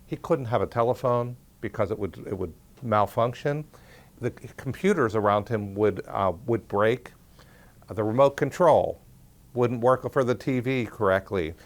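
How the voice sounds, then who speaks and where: A man at a middle pitch tells of his research to an audience. His talk is easygoing and conversational, with the odd restart, and he plays out the lines of the people in his story. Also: moderate pace. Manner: conversational, acts out quoted dialogue. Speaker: parapsychology researcher.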